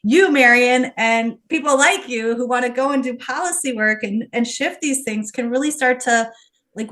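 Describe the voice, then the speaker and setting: A podcast guest, a woman, talks with passionate frustration in casual conversation. Her voice sits fairly high for a woman. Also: a bit bright.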